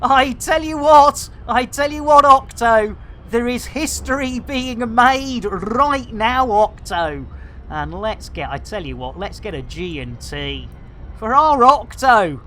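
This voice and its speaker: A woman in her fifties streaming a video game live, bantering exuberantly with viewers and bursting into shouts. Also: fairly high pitch, expressive, slow pace, slight background noise. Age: 50s.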